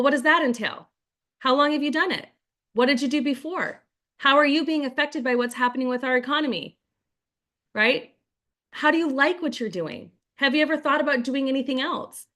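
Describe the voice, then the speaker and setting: Running a group video call, this network marketing trainer chats away, sprinkling in "like" and "right?" and performing sample scripts as quotes. Her voice is a little high and sharp.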